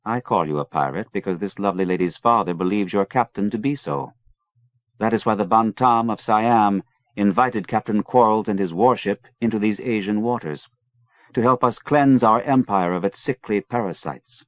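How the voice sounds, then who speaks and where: A man's voice: fairly low pitch, moderate pace, no room sound, natural voice. A man reading an audiobook, voicing a suave male commander who talks coolly and with mocking courtesy. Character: suave Portuguese male commander, cool and cutting. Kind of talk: audiobook character voice.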